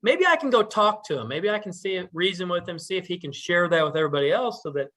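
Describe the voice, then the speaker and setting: A man's voice: high voice, expressive, fast, a bit bright. A man voicing a determined, clever young grandson setting out on a quest. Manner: earnest, determined.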